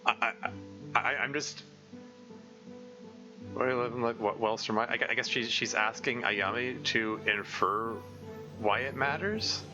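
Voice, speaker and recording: A man's voice: medium pitch, slow pace, pauses often, music in the background, poor audio. Rambling, chuckling male streamer. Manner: rambling, laughing, many restarts. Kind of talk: live-stream game commentary.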